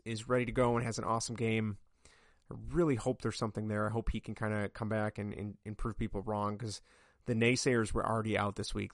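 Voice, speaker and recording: A man hosting a solo sports podcast, ranting in an exasperated way, his voice climbing high when he gets worked up. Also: no echo, clean studio sound. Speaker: podcast host.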